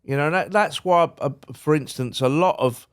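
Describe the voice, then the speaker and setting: A man's voice: on the high side, moderate pace, clean tone. A man, a guest on a podcast, chatting casually and telling stories with lots of restarts and repeated words. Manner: chatty, repeats words when starting, colloquial. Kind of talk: casual storytelling chat.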